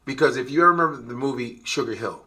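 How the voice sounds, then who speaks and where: A man who is a comedian, ranting emphatically in a profane, animated way and slipping into voices. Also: medium pitch, fast talker. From United States. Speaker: comedian guest. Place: played clip of an interview show.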